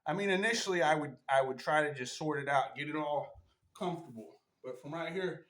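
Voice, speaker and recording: Speaking a little fast in a fairly bright voice on the high side, a martial arts instructor demonstrates stretches casually for the camera. He's chatty, slightly strained by the effort, and keeps tacking on "right?". It's recorded on a camera mic in a room with echo.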